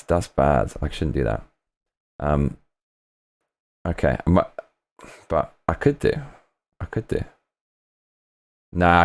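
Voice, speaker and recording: A man hosting a livestream, reading viewer comments aloud and chatting in a rambling, animated way. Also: no room sound. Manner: rambling and animated, swinging pitch, frequent restarts. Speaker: livestream host.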